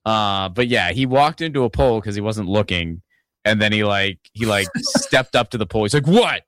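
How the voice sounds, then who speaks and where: A man's voice: on the low side, normal speed, fairly bright tone, clear, resonant tone, no echo, clean studio sound. A man from Pittsburgh hosting a casual political podcast, rambling and swearing, often restarting his sentences. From Pittsburgh, Pennsylvania. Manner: rambling, profane, full of restarts and asides. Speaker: podcast host.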